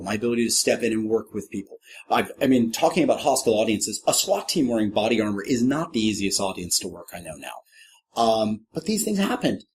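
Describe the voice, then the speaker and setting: Wry middle-aged man telling a lively story. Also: husky. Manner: lively, acts out quoted voices with big pitch jumps; self-deprecating, wry humor. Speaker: podcast guest, professional clown. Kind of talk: animated anecdotal storytelling.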